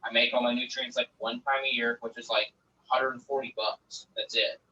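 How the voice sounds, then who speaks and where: Rambling profanely through growing stats and stories, a guest grower chats on a livestream. He speaks fairly quickly in a flat, mid-range voice that sounds pushed and bright, with faint noise from a distant lo-fi mic.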